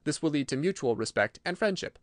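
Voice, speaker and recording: A man's voice: on the high side, expressive, fairly quick, no echo, clean studio sound, lightly acted. The Scarecrow, a man doing a courtly straw man. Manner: polite, eager, flowery. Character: gallant courteous straw-stuffed male scarecrow.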